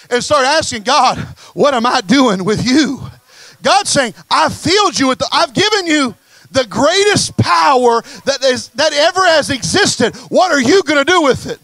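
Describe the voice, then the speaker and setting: A man's voice: very high-pitched, pushed and bright, dry recording, rough recording. A male pastor preaching a Pentecostal sermon, impassioned, hammering his questions again and again. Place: church service.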